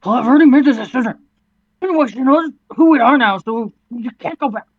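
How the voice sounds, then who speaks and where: A woman co-hosting a comedy podcast, loudly reading character lines in exaggerated voices and laughing. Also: fairly high pitch, lively intonation, fast talker, narrow, tinny audio. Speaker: podcast co-host. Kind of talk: casual comedic banter.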